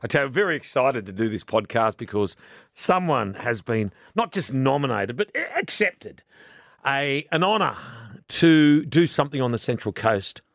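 Chatty Australian radio host, lively pitch. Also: male voice, normal speed, no echo, clean studio sound. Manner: excitable, chatty, rambling. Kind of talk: casual radio banter. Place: radio studio. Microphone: studio microphone.

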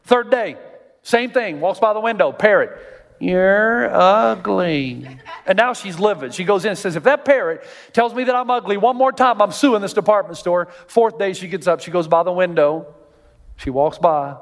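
A man preaching a sermon as pastor, animated and jokey, jumping way up in pitch and volume when he acts out quoted voices. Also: brisk. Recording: long hall reverb.

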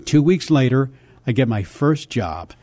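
Animated older male voice actor. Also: mid-range voice, unhurried, no room sound. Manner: animated, slips into character voices. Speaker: voice actor guest. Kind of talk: storytelling interview.

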